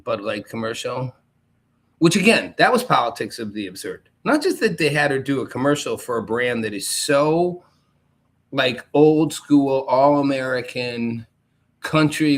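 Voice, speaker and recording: A man hosting a show, delivering a sarcastic political commentary monologue. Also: medium pitch. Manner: sarcastic, mocking, with exaggerated put-on voices. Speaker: host.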